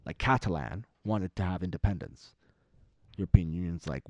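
A young podcast co-host rambles through political chat, cursing plenty and suddenly jumping into raised, mocking voices to mimic people. He has a deep voice at normal speed, with no room sound.

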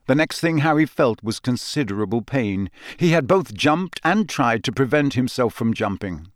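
A man reading an audiobook in steady, even scripted narration. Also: medium pitch, moderate pace, no room sound, clean studio sound.

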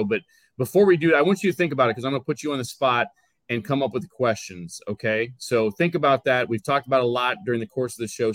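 A man's voice: medium pitch, fairly bright tone, no room sound, low-quality recording. A man co-hosting a live food and beverage business show, chatting casually and reading a sponsor spot in a radio-style voice. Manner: upbeat, reads sponsor copy in a put-on radio voice. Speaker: podcast co-host. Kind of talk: casual live-stream chat and sponsor read.

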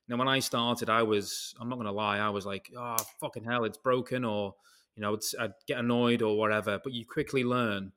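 A man's voice: fairly low pitch, fairly even intonation, brisk, fairly bright tone. Rambling British man, casual swearing. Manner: rambling storyteller, swears casually, jumps between tangents. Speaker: podcast host. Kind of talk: casual chat.

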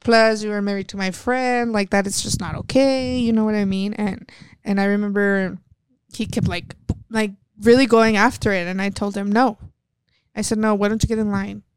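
Smooth, dry-voiced woman telling blunt stories. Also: medium pitch, steady tone, normal speed, dry recording. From West Texas. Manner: blunt, swears freely, acts out quoted dialogue. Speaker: guest, professional wrestler. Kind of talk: candid storytelling chat.

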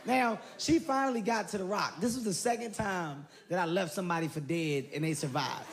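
A man doing stand-up storytelling, animated, with loud bursts and laughing at his own story. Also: high voice, moderate pace. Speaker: stand-up comedian. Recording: live stage recording with audience noise.

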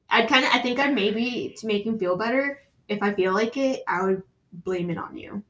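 A woman's voice: on the high side, normal speed, poor audio. A young woman in casual chat with a friend, laid-back and teasing, acting out imagined conversations. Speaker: friend chatting.

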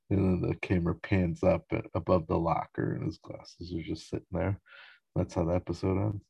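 A man co-hosting a podcast, casually recapping a sitcom episode with animated, profane retellings. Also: low-pitched, moderate pace, creaky, slightly rough, no room sound, lo-fi sound. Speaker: podcast co-host.

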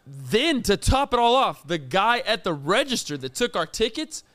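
A man co-hosting a casual chat, telling a story with animated, incredulous outrage. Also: high-pitched, normal speed. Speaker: podcast co-host.

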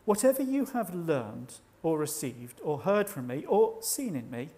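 Male preacher with a high voice, measured and reflective, slows for emphasis. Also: sing-song, mellow. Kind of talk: sermon.

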